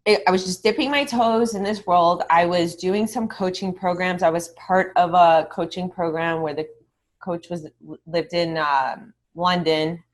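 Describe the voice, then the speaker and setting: This online marketing mentor, appearing as a guest, talks a little slowly in a lower voice, candid and animated. In the casual interview she swears freely and acts out conversations she remembers.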